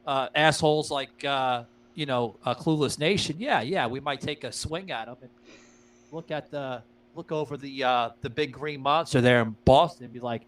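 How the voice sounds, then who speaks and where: A man's voice: medium pitch, normal speed, poor audio. Profane, rambling male podcast host. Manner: loose, profane, filler-heavy, keeps addressing listeners as guys. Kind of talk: casual podcast chat.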